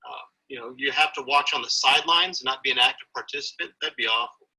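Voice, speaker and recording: A man's voice: mid-range voice, quick pace, bright, forceful tone, breathy edge, rough recording. A man speaking as an interview guest, earnest and motivational as he talks about being a father. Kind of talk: interview conversation.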